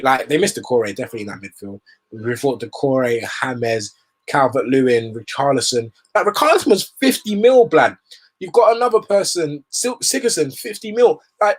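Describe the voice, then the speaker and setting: A man's voice: mid-range voice, animated, brisk, slightly rough. A young man hosting a football show, giving rambling, opinionated commentary in casual slang.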